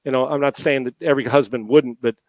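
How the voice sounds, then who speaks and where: A fast-talking middle-aged man with a mid-range, steady voice, a former NFL quarterback and radio host, is an interview guest. Emotional and on the verge of tears, he speaks heartfeltly and restarts many times. No echo is present.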